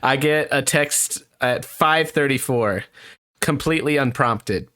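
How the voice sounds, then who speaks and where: A man's voice: mid-range voice, slow, bright, forceful tone. A young man hosting a casual sports podcast, teasing his co-host and laughing often.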